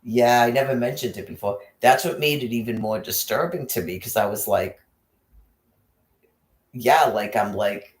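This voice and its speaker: A man's voice: medium pitch, moderate pace. A man telling a rambling comic story in casual chat, laughing often and acting out quotes. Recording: roomy echo.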